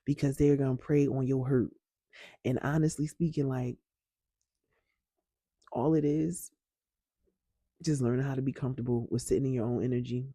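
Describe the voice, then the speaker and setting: A woman's voice: rumbling low, fairly even intonation, normal speed, long pauses, mellow, dry recording, clean studio sound. A woman vlogging about healing and personal growth, speaking candidly and emphatically to her viewers and swearing freely. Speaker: wellness vlogger. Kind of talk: casual talk to camera.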